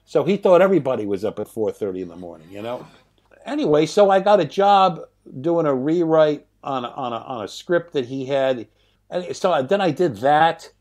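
Telling stories in an interview, this man in his sixties, who writes and directs films, is lively, chuckles at his own anecdotes and curses offhandedly. His fairly high voice is animated and a little mellow, moving at normal speed.

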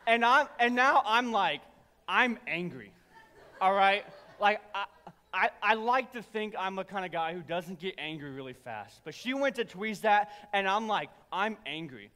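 Young male pastor, sharp bright tone, comic storytelling sermon, long church reverb. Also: high voice, unhurried. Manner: humorous storytelling, animated and self-deprecating. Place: church sanctuary.

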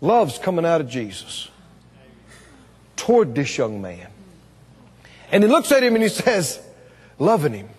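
A man's voice: fairly high pitch, wildly swooping pitch, a little slow, pauses often, a little mellow, husky, in a large hall. A man preaching a revival sermon, emphatic and calling on the congregation to answer back. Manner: emphatic, call-and-response with the congregation. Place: church or meeting hall.

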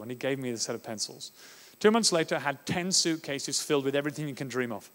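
A man from Australia giving a conference talk on education, animated and acting out classroom scenes. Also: medium pitch, fast. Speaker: education speaker. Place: conference hall. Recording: reverberant hall.

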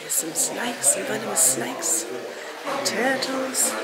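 A young woman with a fairly high voice, chatting in a cheerful, upbeat way as she vlogs her travels. She laughs easily and talks to her toddler now and then. A handheld camera picks her up outdoors, with a busy crowd of visitors clearly heard behind her. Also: very animated, takes it slowly, rough recording. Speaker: travel vlogger. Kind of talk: casual travel vlog chat. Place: outdoors at a beach and a busy reptile park.

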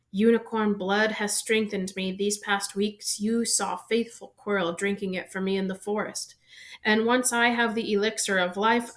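A woman voicing an evil male dark wizard in a slow, soft, hissing voice for a storybook reading. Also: mid-range voice, lightly acted.

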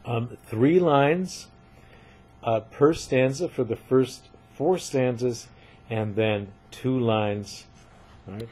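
A man's voice: mid-range voice, very slow, darkish tone, breathy edge. An older man giving a recorded lecture on poetry, explaining step by step and often checking in with "right?".

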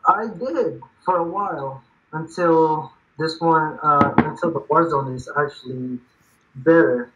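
A man chats casually about video games with a stranger. His mic sounds dull and muffled, with clear noise behind him. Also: on the high side, a little slow.

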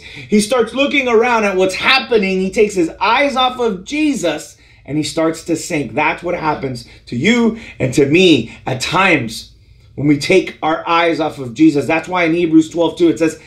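A man delivers an earnest sermon straight to camera for an online church service. His voice sits slightly high for a man. He moves between lifted, emphatic lines and quiet, near-whispered reassurance. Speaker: pastor.

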